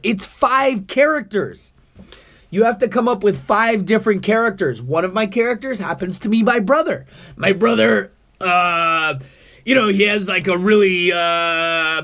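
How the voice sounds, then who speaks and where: Talking casually to the camera, an improv student describes his acting class in an earnest, meandering way while allergies make him cough. His voice is high, pushed, and bright.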